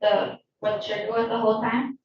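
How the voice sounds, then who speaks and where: A woman giving shaken, halting testimony as a witness in a courtroom. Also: a little high, flat delivery, noisy background. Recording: echoey, distant, dull courtroom audio.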